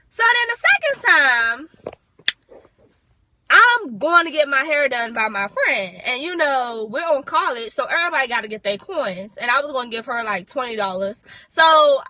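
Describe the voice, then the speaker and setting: A young woman in her twenties telling a casual storytime vlog, animated and full of fillers, swearing freely. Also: fairly high pitch, no room sound. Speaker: vlogger.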